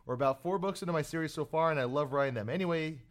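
A man in his twenties co-hosting a casual podcast chat, rambling and filling pauses with uh and um. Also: a little high. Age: 20s. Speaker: podcast co-host.

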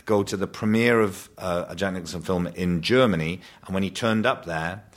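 A man from Wales telling amused, animated stories as a podcast guest. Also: low voice, normal speed. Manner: animated, amused storyteller with many restarts. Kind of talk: casual podcast storytelling.

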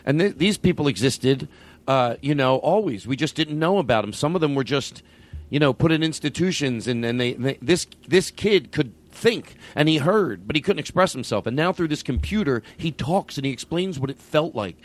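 A man's voice: fairly high pitch, lively intonation, normal speed. A man hosting a comedy podcast, chatting casually in a rambling way with many restarts. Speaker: podcast host.

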